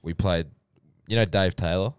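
A man's voice: low-pitched, moderate pace, clear, resonant tone, dry recording, studio quality. A young Australian man hosting a podcast, telling rowdy, slangy stories and swearing freely. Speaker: podcast host. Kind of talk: casual chat among mates.

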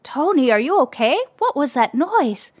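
A woman voicing a gentle, comforting mother in a storybook reading, speaking in a soothing, slightly higher voice. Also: expressive, normal speed, no room sound, natural voice.

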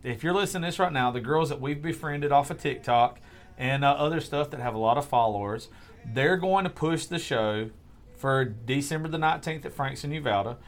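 A man's voice: medium pitch, a little fast. A man hosting a casual podcast chat, talking with enthusiastic, profane energy while promoting upcoming shows.

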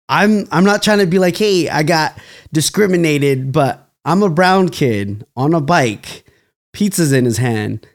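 A man's voice: a little high, animated, measured pace. Rambling young man telling stories. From California. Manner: loose, rambling, laughs often, restarts. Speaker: podcast guest, dancer. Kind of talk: casual storytelling interview.

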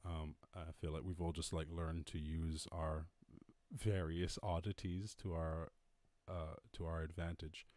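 A man's voice: rumbling low, level tone, unhurried, no echo. A young man from Ireland hosting a live stream from home, chatting in a rambling, self-mocking, laid-back way between freestyle raps. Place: at home during lockdown. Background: loud backing beat.

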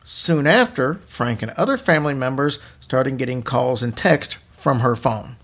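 A man's voice: mid-range voice, animated, moderate pace, a bit bright. A man hosting a podcast, casually telling spooky stories to his co-hosts. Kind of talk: casual storytelling chat.

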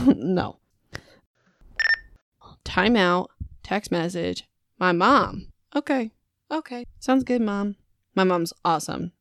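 A young woman hosts a casual book podcast, chattering and poking fun at her own stumbles. Her voice sits at an ordinary middle pitch. The home microphone sounds close and dry, with no room echo. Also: animated, slow pace, long pauses, a bit bright. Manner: chatty, self-mocking, laughs at her own slips. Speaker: podcast host.

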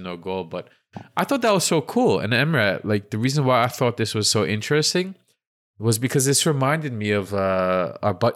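A man's voice: lowish voice, a bit bright. A man co-hosting a casual football podcast, animatedly retelling match moments in a chatty play-by-play way. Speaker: podcast co-host. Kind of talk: casual sports podcast chat.

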